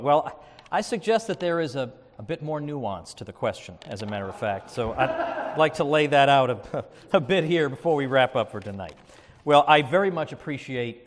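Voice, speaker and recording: A man at a podium, debating before a live audience. His delivery is wry and argumentative, quick to jab back. His voice carries a long reverb from the event hall. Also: medium pitch. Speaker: debater and podcast host.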